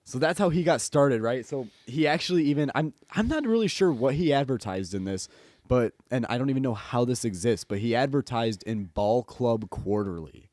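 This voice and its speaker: Laid-back podcast host, dry mic. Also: male voice, mid-range voice, expressive, normal speed, a little mellow, no room sound. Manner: short backchannel replies and frequent laughter. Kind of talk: casual chat.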